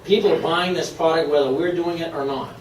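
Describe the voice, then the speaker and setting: A man from Maine giving an upbeat, persuasive sales pitch to a live room, laughing often. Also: fairly even intonation, fairly quick, reverberant, far from the mic, slight background noise, low-quality recording. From Maine, USA. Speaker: presenter at a sales meeting. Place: meeting room.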